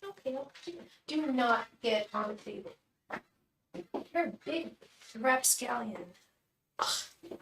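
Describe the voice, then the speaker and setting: A woman with a fairly high voice chats casually on a live stream, drifting into cooing baby talk now and then. She sits back from the mic in an echoey room. Faint noise runs underneath. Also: slow pace, gravelly, long pauses, fairly bright tone, distant mic. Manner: chatty, coos baby talk at her cat. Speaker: tarot reader and psychic on a live stream. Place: room at home.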